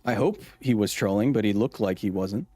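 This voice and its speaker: A man's voice: fairly low pitch, fairly quick, mellow, breathy edge, no room sound. A man hosting a casual gameplay livestream, joking as he reads and answers his chat's messages. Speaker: livestream host.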